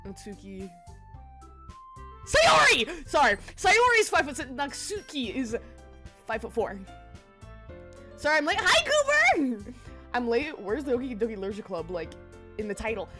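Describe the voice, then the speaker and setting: A woman's voice: fairly high pitch, big pitch swings, moderate pace, pushed and bright, soft background music. A woman streamer in casual, giggly chat, greeting her viewers by name.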